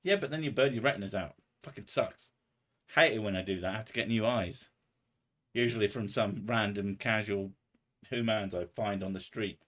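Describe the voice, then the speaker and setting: A man's voice: on the low side, moderate pace, a bit bright. A man chatting casually on a livestream, rambling and sardonic, with heavy swearing. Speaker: streamer.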